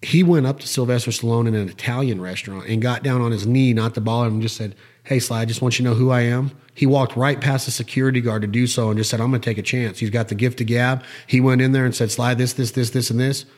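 Animated man telling a story. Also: medium pitch, fast. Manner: animated storyteller, acts out quoted voices. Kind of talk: casual storytelling chat.

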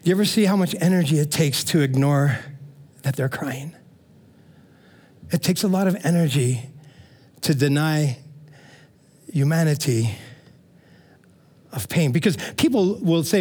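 A middle-aged man preaches like he is chatting with friends, peppering his stories with quick asides to the congregation. His voice sits a little high for a man and swings up and down as he tells his stories. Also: husky. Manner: animated storytelling, frequent "man" and "amen?" asides. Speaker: pastor. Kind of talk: conversational sermon.

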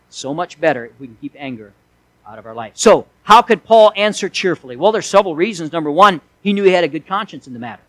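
A man preaching an expository sermon, swinging between forceful emphasis and hushed asides. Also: fairly high pitch, expressive, normal speed, no echo, poor audio. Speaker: pastor.

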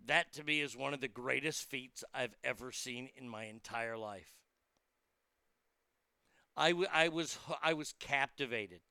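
A man's voice: mid-range voice, a little slow, bright, forceful tone, clean tone, dry recording. A man hosting his own show, rambling casually and chattily with a profane edge. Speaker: host.

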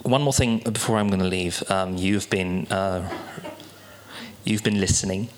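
A man performing a halting, confessional stand-up set at a small live venue, darkly joking with the audience. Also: low voice, steady tone, heavy background noise.

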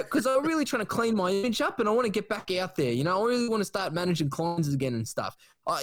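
A man impersonating an excitable, sleazy male sports manager with an Australian accent, rambling and crude. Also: high voice, voice pushed up, lightly acted.

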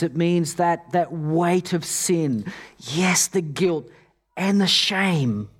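Man preaching, voice a bit high, repetitive storytelling sermon delivery. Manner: storytelling with many repeated words. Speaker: pastor.

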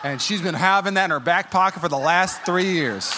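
A man's voice: a little fast, noisy background. A man in his thirties preaching a sermon, telling personal stories with jokes and acting out quotes in a put-on voice. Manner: animated, jokey, acts out quotes in high-pitched voices. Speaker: pastor.

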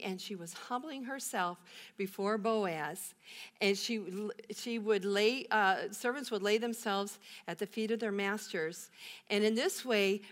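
A woman pastor giving a sermon, telling a Bible story with rhetorical questions and emphatic repetition. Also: mid-range voice.

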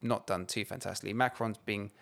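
Fast-talking swearing man, heated podcast chat. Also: on the low side, fairly even intonation, creaky, a bit bright. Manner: swears a lot, heated and emphatic. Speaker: podcast co-host. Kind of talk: casual political chat.

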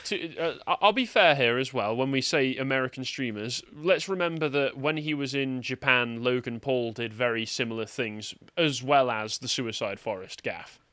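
A man's voice: medium pitch, normal speed, few pauses, pushed and bright, clean tone, no echo. A man co-hosting a podcast, dropping dry, sarcastic quips into casual news commentary. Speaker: podcast co-host.

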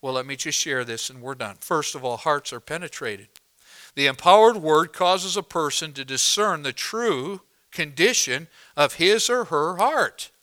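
Male pastor, fairly high and bright, clear tone, dynamic sermon delivery from quiet to loud. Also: animated, normal speed. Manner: dynamic preaching, swings from hushed to loud emphatic.

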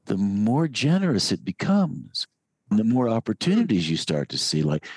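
A man speaking in a calm, unhurried, musing way, dwelling on his words. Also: lowish voice, breathy edge. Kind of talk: slow reflective talk.

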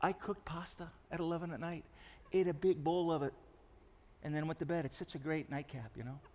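A man's voice: fairly high pitch, fairly even intonation, fairly quick, a little mellow. A man in his sixties preaching a sermon, telling confessional stories with self-mocking humor. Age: 60s. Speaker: pastor. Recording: long reverb of a large hall.

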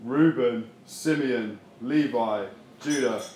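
Playful preacher in a roomy hall. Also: male voice, medium pitch, slow, a little hiss or hum. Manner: playful, animated, banters with the congregation. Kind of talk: casual, joking sermon.

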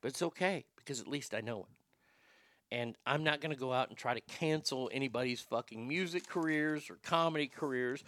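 A man's voice: mid-range voice, moderate pace, fairly bright tone. A man hosting a talk show, ranting profanely as he tells fired-up stories. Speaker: radio show host.

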